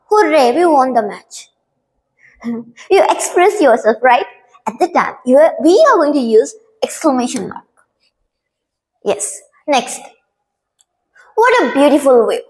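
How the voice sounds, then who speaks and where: A young woman with a high, light voice teaches a grammar lesson. She is patient and repeats each key word to make it stick. Her delivery is that of a teacher walking students through examples. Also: poor audio. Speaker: English teacher.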